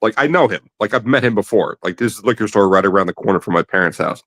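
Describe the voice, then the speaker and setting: A man's voice: lowish voice, animated, quick pace, a bit bright, no room sound. A man hosting a casual late-night chat, rambling through stories and swearing freely. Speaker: podcast host.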